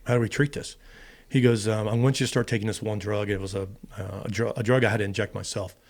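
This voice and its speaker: This retired fighter pilot from the United States, a middle-aged podcast guest, speaks fast in a lowish voice with fairly even intonation. He relaxes into a long personal story, acting out each side of the conversation.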